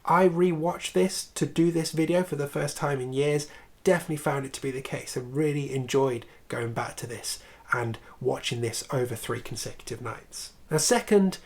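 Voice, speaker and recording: A man's voice: mid-range voice, normal speed, darkish tone. Male host, casual opinionated film reviewer with sarcastic asides, mid-range voice.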